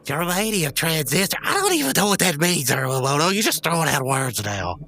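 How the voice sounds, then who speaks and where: Very low-voiced woman rambling comedically. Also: big pitch swings, a little fast, a bit bright. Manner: rambling, flustered comic delivery. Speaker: podcast co-host. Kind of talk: improvised comedy sketch.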